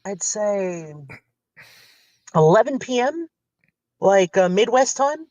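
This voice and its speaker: Man, high voice, rambling animated storyteller, dry, slightly muffled recording. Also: slow, dry recording. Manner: rambling, animated retelling with quoted dialogue. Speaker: guest. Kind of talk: casual storytelling chat. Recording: slightly dull lo-fi sound.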